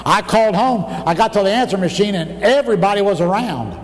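Fervent high-voiced man preaching in hall. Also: lively intonation, a little fast. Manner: fervent, shouting at high points. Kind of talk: sermon. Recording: distant mic, long hall reverb, faint room noise.

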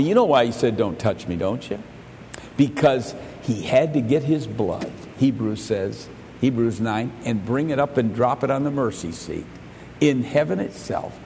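An earnest preacher delivers an evening sermon, his voice climbing into half-sung exhortation. The man's voice rings through a reverberant church hall, with a faint low rumble behind it. His pitch sits in the middle of the male range. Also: creaky, darkish tone.

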